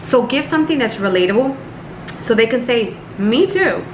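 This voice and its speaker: A woman's voice: a little high, expressive, a little fast, background noise. Upbeat chatty woman, roomy echo. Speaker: network marketing team leader. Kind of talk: casual coaching vlog. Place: Miami.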